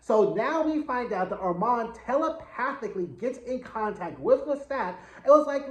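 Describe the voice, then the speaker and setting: A man's voice: extremely high pitch, big pitch swings, moderate pace, hardly any pauses. Chatty man recapping a show in an echoey room. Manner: chatty, slangy, dramatic retelling. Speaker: TV show reviewer. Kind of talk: casual episode recap.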